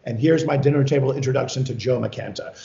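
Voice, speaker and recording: Gravelly, enthusiastic male video-call host. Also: medium pitch, fast talker, warm tone, slight background noise. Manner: enthusiastic, chatty, laughs often. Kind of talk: casual interview chat. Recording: roomy, dull lo-fi sound.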